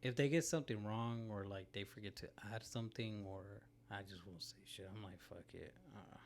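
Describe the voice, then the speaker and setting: A man's voice: lowish voice, fairly quick, slight background noise. A young man co-hosting a casual chat show, talking in a laid-back, profane and rambling way with lots of fillers. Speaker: co-host.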